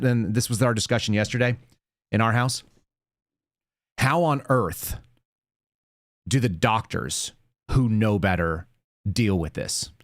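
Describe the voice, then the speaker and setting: A man hosting a live commentary show, blunt and openly indignant as he rambles through his points. His voice sits at an ordinary middle pitch and sounds dry and close, with no room echo. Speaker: show host.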